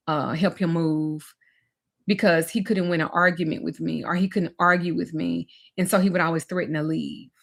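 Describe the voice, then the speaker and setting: A middle-aged woman, a spiritual teacher and life coach, telling her own story in a candid, emotional and blunt way, swearing now and then and speaking straight to her listeners. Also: lowish voice.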